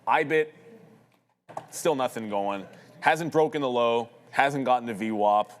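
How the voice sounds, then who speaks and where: A man calls live trades in a quick, casual way, thinking out loud as he goes. His voice carries a long reverb from the room around him. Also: medium pitch, slight background noise. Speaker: day trader co-host. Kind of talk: live market commentary. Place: trading floor studio.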